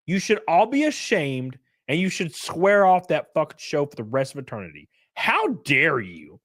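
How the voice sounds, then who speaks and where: A man in his thirties hosting a livestream, ranting loudly and profanely in casual chat, laughing between rants. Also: a little high, very animated, moderate pace. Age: 30s. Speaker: livestream host.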